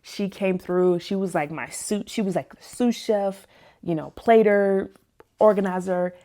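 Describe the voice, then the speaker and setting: A woman in her thirties, a personal chef, casually telling a story to her viewers, animated and laughing often. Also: unhurried. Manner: animated, laughs often, acts out other people's lines in a higher voice. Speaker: plant-based personal chef and vlog host.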